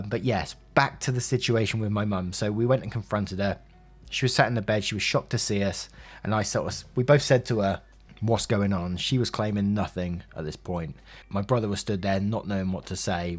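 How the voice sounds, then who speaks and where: A man with an English accent, a YouTube narrator telling a personal story in a candid, emotional, rambling way full of fillers. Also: sits low.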